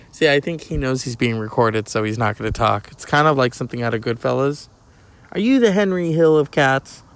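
A man's voice: on the high side, vocal fry. A middle-aged man hosting a podcast, rambling casually, joking and swearing while chatting to his cat. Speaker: podcast host.

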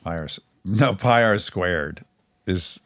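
A middle-aged man hosting a podcast, chatting casually and joking with animated swings up in pitch. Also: slow pace, dry recording. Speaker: podcast host. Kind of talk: casual chat.

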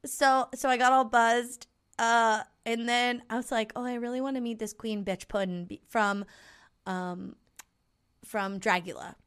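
Chatty woman podcast host, higher voice. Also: measured pace, smooth. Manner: chatty storyteller, animated quoting. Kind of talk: casual chat.

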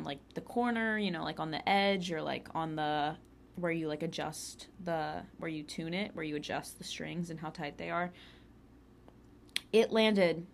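Chatty young woman telling a story. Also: lowish voice. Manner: chatty, lots of filler words and laughter. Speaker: podcast host. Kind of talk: casual storytelling.

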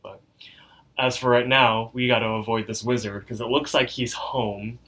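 A man's voice: mid-range voice, steady tone, moderate pace, pushed and bright. A young man co-hosting a podcast, recapping an episode in a rambling, filler-heavy way. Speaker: podcast co-host.

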